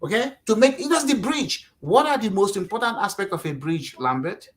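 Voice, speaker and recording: A middle-aged man from Nigeria, talking casually as a guest, animated and acting out quotes, with lots of "you know". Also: high-pitched, normal speed, low-quality recording. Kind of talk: casual interview talk.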